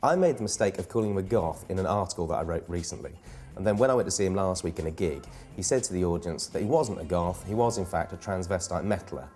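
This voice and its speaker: A man's voice: sits low, lively intonation, fast, warm tone, faint music behind. A man hosting a comedy gig guide in a playful, self-mocking way, wandering off into rambling asides. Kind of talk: jokey scripted presenting.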